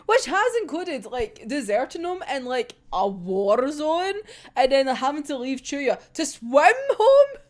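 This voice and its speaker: A manga reaction vlogger with a high-pitched voice recaps a manga chapter at a measured pace. She's casual and animated, giggling often and swearing freely.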